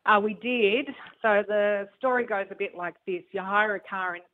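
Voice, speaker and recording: A woman calls in to a radio show and tells a story in a chatty, amused way. Her voice sits at a middle pitch and comes through a tinny phone line. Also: normal speed. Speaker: caller. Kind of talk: phoned-in travel anecdote.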